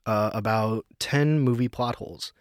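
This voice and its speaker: A man's voice: on the low side, a little slow. A young man hosting a casual chat podcast, swearing freely and joking loosely with friends.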